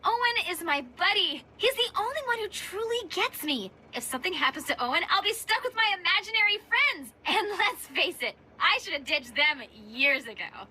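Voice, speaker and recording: Manic hyper cartoon teen girl, super high and bouncy, jumps all over the place. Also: sing-song, bright, forceful tone, a little hiss or hum, exaggerated voice. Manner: rapid, giggly, wildly jumpy delivery. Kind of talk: cartoon voice acting.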